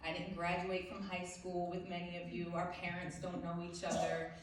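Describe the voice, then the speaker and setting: A woman's voice: fairly low pitch, completely flat delivery, normal speed, a little hiss or hum. A woman from South Jersey giving a heartfelt, faith-filled award acceptance speech from a stage. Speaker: award recipient. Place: event hall stage. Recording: very echoey hall, far from the mic.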